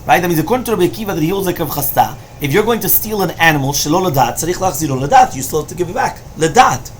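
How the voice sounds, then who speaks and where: A man leads a Talmud study lesson, chanting each Aramaic passage with rising emphasis and then explaining it in plain English. His voice sits a bit high for a man, and he keeps checking in with his listeners. A faint noise runs under the recording. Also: lively intonation, rapid-fire. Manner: explains each line, repeats with "right?" and "you understand?". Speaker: Talmud teacher.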